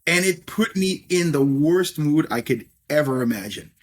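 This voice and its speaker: A middle-aged man speaks as a podcast guest with a husky voice. He tells stories in a rambling, chatty way and often tacks on "if you will". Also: on the high side, expressive, moderate pace. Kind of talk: casual storytelling interview.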